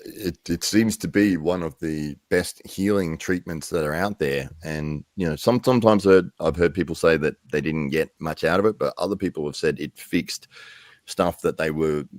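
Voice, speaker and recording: Podcast guest: man, extremely low voice, measured and thoughtful, dry close sound. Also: no echo. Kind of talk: casual podcast chat.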